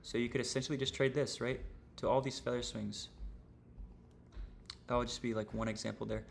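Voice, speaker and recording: Casting: young male streamer, gravelly voice, loose slangy delivery, faint noise underneath. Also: mid-range voice, little pitch movement, a little fast. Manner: casual, slangy, rambling with fillers. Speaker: trading streamer. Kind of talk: casual livestream lesson.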